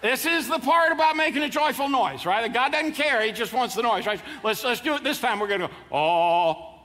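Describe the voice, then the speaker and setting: A man's voice: very high-pitched, animated, fairly quick, pushed and bright, slight background noise. A man in his fifties preaching a sermon to a live congregation, joking and leading the crowd through call-and-response. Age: 50s. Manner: playful, jokes with the congregation, leads them in call-and-response. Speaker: pastor. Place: large church auditorium. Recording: hall reverb, faint ambience.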